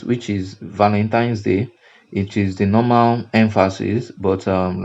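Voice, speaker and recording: A man with a Nigerian accent walks through a design lesson, circling back to his points and repeating himself as he explains. His voice sits low and mellow, and the recording sounds dull and lo-fi. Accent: Nigerian English. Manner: repetitive, explanatory, frequent "now" and "you see". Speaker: graphic design instructor. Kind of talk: screen-recorded tutorial lecture.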